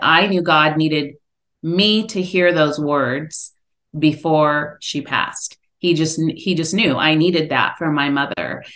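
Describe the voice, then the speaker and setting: Low-voiced woman sharing a personal story. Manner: earnest, animated when quoting others. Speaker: podcast guest, author.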